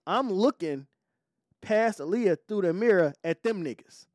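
A man, hosting a podcast, telling a story in a casual, animated, profane way full of slang. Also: high voice, unhurried, no echo, clean studio sound. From Detroit. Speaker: podcast host.

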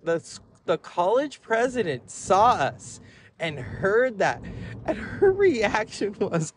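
Animated man rambling through stories. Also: on the high side, slow, a little hiss or hum. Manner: animated, rambling storytelling with frequent laughs. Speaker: podcast host. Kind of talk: casual rambling monologue.

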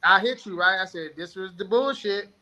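Male panelist, high voice, blunt and emphatic casual talk. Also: moderate pace, bright, forceful tone. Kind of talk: casual chat.

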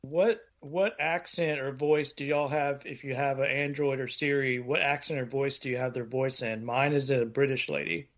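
A man's voice: medium pitch, fairly even intonation, moderate pace, few pauses, lo-fi sound. A man co-hosting a casual podcast, nerdy and curious as he asks the others questions. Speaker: podcast co-host.

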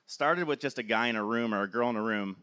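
A man's voice: medium pitch, fast talker, sharp tone, clean tone. A man, a film producer, giving an enthusiastic motivational talk, filling his sentences with "like". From Cleveland, USA. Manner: enthusiastic, frequent filler "like".

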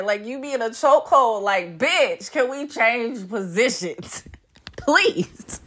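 Animated woman podcast host with a widely ranging pitch, blunt, profane and quick to laugh. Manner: animated, swooping delivery. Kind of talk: casual podcast monologue.

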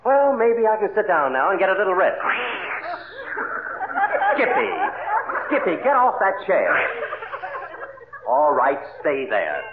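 Flustered radio-comedy dad. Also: male voice, high voice, wildly swooping pitch, unhurried, pauses often, exaggerated voice. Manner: exasperated, bumbling. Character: flustered middle-aged showbiz father and husband. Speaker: father of the family. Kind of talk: 1950s radio comedy acting. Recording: echoey lo-fi vintage radio broadcast with hiss.

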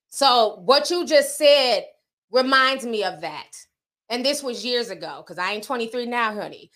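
A woman's voice: on the high side, brisk. A middle-aged woman from the northern US hosting a livestream, telling stories in casual chat and reading out viewer comments. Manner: chatty storytelling, animated quoted voices. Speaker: livestream host.

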